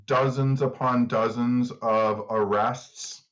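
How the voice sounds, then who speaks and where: A man's voice: mid-range voice, steady tone, slow pace, fairly bright tone. A man in his forties co-hosting a podcast, chatting casually with dry, laid-back remarks. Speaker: podcast co-host. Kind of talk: casual chat. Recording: dull lo-fi sound.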